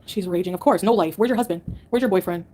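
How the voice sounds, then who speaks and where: A woman's voice: on the low side, quick pace, mellow. A woman livestreamer answering her chat in a combative, sarcastic rant. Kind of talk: live-stream rant to chat.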